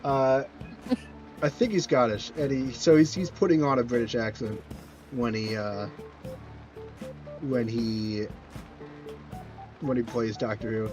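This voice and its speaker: A man's voice: medium pitch, measured pace, long pauses, a little mellow, soft background music, poor audio. A man streaming a video game, chatting casually and rambling through answers to viewers' questions, often restarting his sentences. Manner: rambling, self-correcting, answers chat questions.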